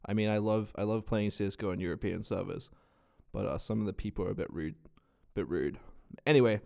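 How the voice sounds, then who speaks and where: Young aussie dude vlogging with a blocked nose, lowish voice, swearing and rambling. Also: male voice, fast, gravelly. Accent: Australian. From Australia. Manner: swears a lot, rambling and animated. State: stuffed nose from a cold. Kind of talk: casual storytelling vlog.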